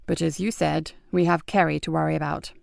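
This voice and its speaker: A woman voicing a weary, steady male police sergeant who talks low and measured. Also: gravelly, no room sound, studio quality. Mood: calm.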